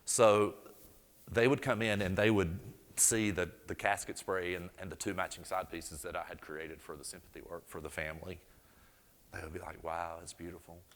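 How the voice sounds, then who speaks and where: A man from North Carolina with a Southern accent gives a live floral design demonstration before an audience in an event hall, chatting and telling stories with folksy asides. His voice is low and fairly even at a moderate pace, with a long reverb tail.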